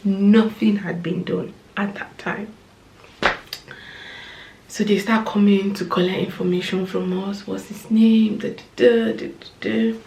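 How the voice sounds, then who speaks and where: Female vlogger, slow, emotional storytelling, roomy sound. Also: mid-range voice, flat delivery, creaky, a little hiss or hum. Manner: emotional, slow, drops to soft whispers. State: tearful. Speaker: vlogger, new mother. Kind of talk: storytime vlog.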